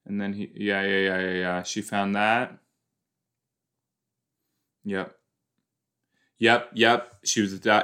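A man's voice: on the low side, flat delivery, takes it slowly, long pauses, bright, forceful tone, clean tone. A young man hosting a casual watch-along podcast, rambling and chatty with joking asides. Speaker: podcast host.

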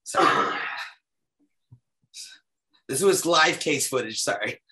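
He's a paranormal investigator going over his case footage on a podcast, his voice on the high side, expressive, slow, bright and forceful. He sounds earnest and casual, restarts a lot, and is slightly losing his voice.

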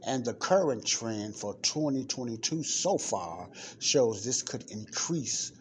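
A man's voice: mid-range voice, lively intonation, takes it slowly, hardly any pauses, a little hiss or hum. A man hosting a church podcast. He reads a report aloud and comments on it, repeating numbers for emphasis and asking listeners rhetorical questions. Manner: talks directly to listeners, asks rhetorical questions. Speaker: podcast host addressing a church audience.

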